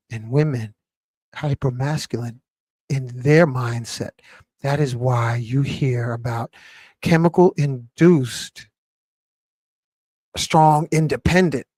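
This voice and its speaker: A man hosting a live talk show, lecturing in an emphatic, animated way. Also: mid-range voice, dry recording. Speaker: show host.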